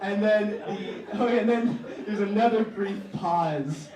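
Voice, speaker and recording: High-voiced young man doing stand-up. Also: takes it slowly, far from the mic, crowd noise. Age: young adult. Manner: animated, theatrical, shouting when quoting himself. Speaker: stand-up comedian. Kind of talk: stand-up comedy storytelling. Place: comedy stage in a room with a live audience. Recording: echoey room, mic from afar, audience laughter.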